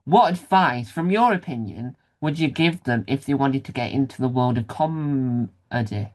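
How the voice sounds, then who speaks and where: A man's voice: mid-range voice, lively intonation, moderate pace, darkish tone. A man hosting a casual interview, rambling and self-deprecating with many restarts. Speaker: podcast host interviewer.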